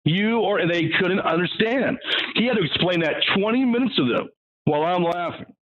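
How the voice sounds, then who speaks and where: Lively man telling stories. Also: high voice, normal speed. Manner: animated, acts out quotes, frequent restarts. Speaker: guest. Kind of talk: casual storytelling interview. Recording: muffled lo-fi audio.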